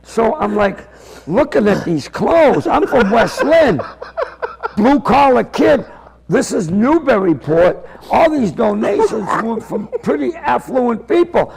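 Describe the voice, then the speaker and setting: A man, telling a rambling comic story and acting out both sides, often coughing and clearing his throat. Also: very high voice, sing-song, slow, darkish tone, low-quality recording. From Massachusetts. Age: 60s. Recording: public-access TV archive tape.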